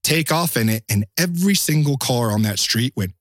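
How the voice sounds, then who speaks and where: A man's voice: medium pitch, animated, normal speed, a bit bright, no echo, clean studio sound. A man, a former bodyguard, telling a story as a guest in a podcast interview, blunt and profane, acting out what other people said.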